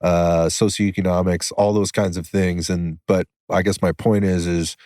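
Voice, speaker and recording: A man's voice: deep voice, level tone, normal speed, a little mellow, no room sound, studio quality. A man hosting a podcast in casual conversation, rambling and restarting his sentences and swearing freely, talking outdoors. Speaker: podcast host.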